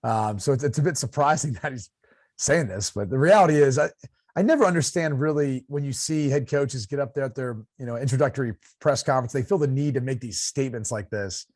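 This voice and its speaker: A man's voice: mid-range voice, fairly quick, darkish tone, no room sound, clean studio sound. A man from Ohio hosting a casual sports talk show, chatty and thinking aloud with fillers and repeats. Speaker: show host and former player.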